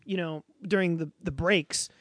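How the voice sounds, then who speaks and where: Brief: high-pitched man, loose podcast chatter, close dry mic. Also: fairly even intonation, unhurried, fairly bright tone, no echo. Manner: rambling, lots of fillers. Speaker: podcast co-host. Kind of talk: casual chat.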